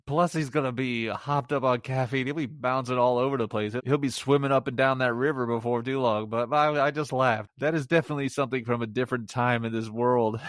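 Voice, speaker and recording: Man, middle-aged, casual podcast movie review, sarcastic, rambling, average pitch, dry sound. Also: steady tone, a little fast, no room sound. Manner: rambling, sarcastic, laughs at his own jokes.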